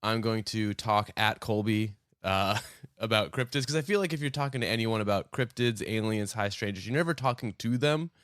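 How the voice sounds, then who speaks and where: A man's voice: lowish voice, moderate pace, fairly bright tone, slight background noise. A young man hosting a casual podcast, joking, swearing and rambling with lots of fillers. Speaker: podcast host.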